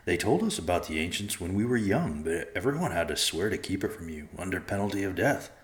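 A man's voice: deep voice, very animated, brisk, echoey room. A man voicing a cheeky, hungry young male bear cub in a storybook reading, in a teasing, casual manner. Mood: playful.

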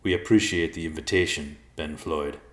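White Claw, a man voicing a grave deep fatherly bear. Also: moderate pace. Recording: roomy echo.

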